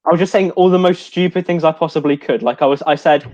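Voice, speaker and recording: A man's voice: fairly high pitch, darkish tone, dry recording, poor audio. A man in a casual online chat who talks hesitantly, with restarts. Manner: hesitant, halting, many restarts. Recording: online call.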